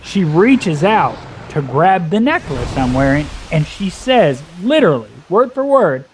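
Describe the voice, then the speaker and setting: A young man casually telling a long, profane, animated anecdote as a gaming video host. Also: fairly high pitch, a little slow, slight background noise. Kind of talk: casual storytelling chat.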